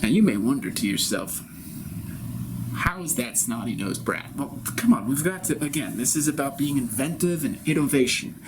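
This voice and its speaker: A grown man performing an improvised theatrical monologue in character, rambling and swinging between loud bursts and soft whispers. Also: medium pitch, expressive, fairly quick, few pauses, noisy background. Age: adult.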